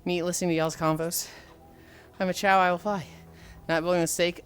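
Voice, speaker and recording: A woman's voice: fairly low pitch, a little fast, smooth. A woman livestreaming while walking, out of breath and sighing as she chats with viewers and tells stories. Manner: chatty, reads chat aloud, animated storytelling.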